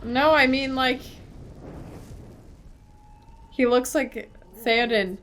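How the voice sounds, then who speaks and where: A young adult woman co-hosting a reaction video, making quick playful quips in casual chat. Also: sits high, fairly bright tone, a little hiss or hum. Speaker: co-host reacting to a cartoon.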